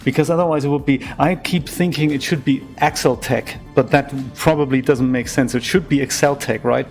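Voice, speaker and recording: A man's voice: mid-range voice, steady tone, a little fast, soft background music. A man giving casual, rambling commentary while playing a game, chatting freely and laughing easily. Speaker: game streamer.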